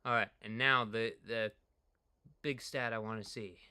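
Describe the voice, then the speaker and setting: Going loosely over his ride numbers, this man leans on filler words like "like" and lurches from excited bursts to muttering about his stats. His lowish voice is clear and resonant yet sharply bright and cutting.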